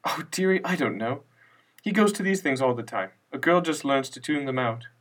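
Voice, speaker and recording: A man reading a story, voicing a frail grieving old woman in her seventies who is tearful and quick to snap. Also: medium pitch, animated, a bit bright, pitched above the performer's own voice. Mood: weepy, vague. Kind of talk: audiobook character voice. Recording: distant mic with faint music.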